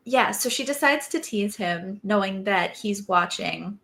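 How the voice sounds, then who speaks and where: A woman's voice: mid-range voice, expressive, measured pace, creaky, a bit bright. A woman podcast host recapping a book's plot in a chatty, laughing way.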